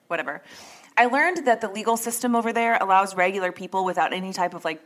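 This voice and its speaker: A woman's voice: mid-range voice, a bit bright. A woman hosting a true crime podcast in a casual, chatty way, rambling a little and correcting herself as she goes. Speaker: podcast host.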